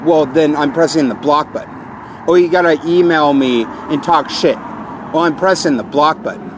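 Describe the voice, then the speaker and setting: A man in his forties with a high-pitched voice, venting a repetitive, accusing rant. He keeps hammering the same lines and keeps pushing himself louder. Loud traffic noise rumbles behind him outdoors. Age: 40s. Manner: repetitive, accusing, escalating into shouted outbursts. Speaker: vlogger. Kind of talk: angry rant to camera.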